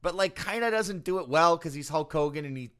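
A man's voice: a little high, lively intonation, a little fast, a bit bright. A man co-hosting a casual podcast, laughing often and retelling what someone said in a mock voice. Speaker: podcast co-host. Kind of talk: casual chat.

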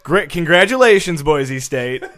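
A man's voice: on the high side, animated, measured pace, crowd noise. A young man co-hosting a comedy sports podcast, presenting bowl matchups and rambling through side stories. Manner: rambling, self-interrupting storyteller. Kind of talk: casual comedic sports chat.

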